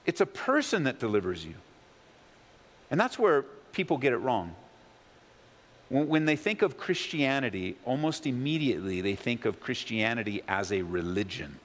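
A man preaching a sermon as pastor, swinging between loud, pleading questions and low, hushed emphasis. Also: big pitch swings, normal speed, in a large hall. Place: church sanctuary.

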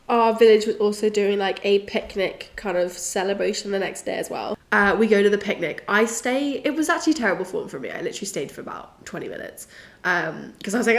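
A woman's voice: mid-range voice, fast, vocal fry. A young woman from England, hosting a podcast, chatting and telling a story with lots of giggles and fillers. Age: young adult. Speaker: podcast host. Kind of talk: casual storytelling monologue.

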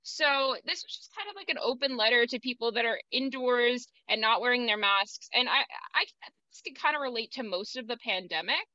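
Young female co-host, fairly high voice, chatty with fillers. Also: lively intonation, a little fast, bright, forceful tone, dry recording, muffled recording. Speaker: radio co-host. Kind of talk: casual radio chat. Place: college radio studio.

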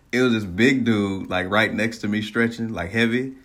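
A man casually telling a personal story, animated, laughing often and swearing freely. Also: on the low side.

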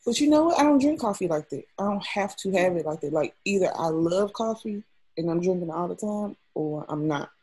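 A woman's voice: fairly low pitch, lively intonation, fairly quick, warm tone, slightly rough, rough recording. A woman co-hosting a podcast in casual chat, laid-back and joking, swearing casually. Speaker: podcast co-host.

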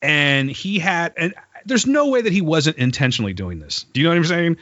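A man telling a story in casual podcast chat. He is animated, swears, and laughs as he talks. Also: a little high, brisk, no room sound. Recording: dull, lo-fi recording.

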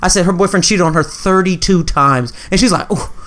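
A man's voice: high-pitched, a little fast, a bit bright. A man telling funny stories in casual chat, acting out quotes in other voices, laughing and swearing often.

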